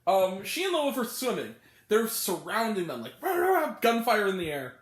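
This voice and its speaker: A woman's voice: mid-range voice, very animated, normal speed, echoey room. A woman reviewing a movie in a casual rant, incredulous, often laughing and swearing freely. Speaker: film reviewer.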